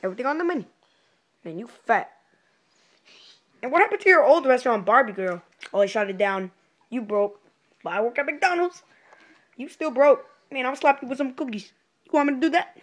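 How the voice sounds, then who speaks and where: A sassy woman in a rather high register plays a cashier in an improvised comedy sketch. She teases customers, swinging between lilting greetings and low, mocking asides. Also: animated, moderate pace, long pauses. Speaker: playing a fast-food cashier. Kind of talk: improvised comedy role-play.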